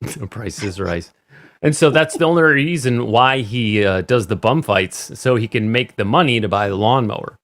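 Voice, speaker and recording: Guy chatting about a movie on a podcast, mid pitch, acts out lines as he recaps, laughs easy. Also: normal speed, few pauses, a bit bright. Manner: retells scenes with quoted voices, laughs often. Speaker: podcast co-host. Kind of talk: casual movie discussion.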